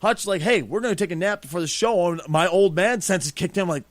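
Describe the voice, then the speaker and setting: In a dry recording, a high-pitched middle-aged man hosting a podcast speaks fairly quickly. His casual, cursing anecdote is lively, with the quotes acted out.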